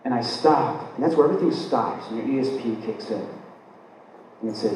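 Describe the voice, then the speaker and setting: Male lecturer, live talk, animated storyteller who acts out the dialogue, distant mic in a very echoey room. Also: mid-range voice, a little fast. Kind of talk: live spiritual lecture, personal anecdote. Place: event hall, recorded from the audience. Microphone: distant camera mic. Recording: echoey hall, distant mic, faint hiss.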